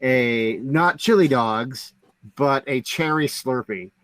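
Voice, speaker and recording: A man's voice: medium pitch, slow pace, fairly bright tone, no echo. A man co-hosting a podcast in casual chat, telling stories in a rambling way with many fillers. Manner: rambling storyteller, heavy on "like". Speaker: podcast co-host.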